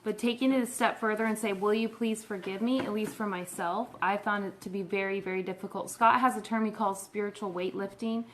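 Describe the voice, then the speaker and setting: A woman's voice: medium pitch, steady tone, brisk, hardly any pauses, a bit bright, a little hiss or hum. A woman in her thirties, co-hosting with her husband, speaking in a frank and plainspoken way. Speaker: co-host, pastor's wife. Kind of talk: casual conversation.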